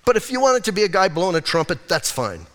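A male pastor preaching a sermon in a casual, animated style, using slang and acting out the lines of the people in the story. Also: high-pitched, fast talker, long reverb tail. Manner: animated, conversational preaching with slang and acted-out quotes. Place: church sanctuary.

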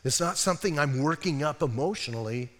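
A man preaching a sermon as a pastor, telling stories with lively, acted-out quotes. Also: a little high, brisk. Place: church hall. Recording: long hall reverb.

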